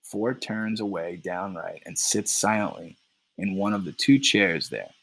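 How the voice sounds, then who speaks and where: A male teacher reading a play aloud for his class and explaining it in a relaxed way. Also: low voice, unhurried, vocal fry, husky, poor audio. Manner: explains terms between lines, relaxed.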